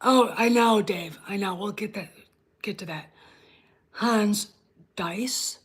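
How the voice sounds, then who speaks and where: A woman's voice: medium pitch, takes it slowly, breathy edge. A woman hosting her own online show, ranting bluntly and with plenty of swearing while talking straight to her live chat. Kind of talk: casual livestream rant.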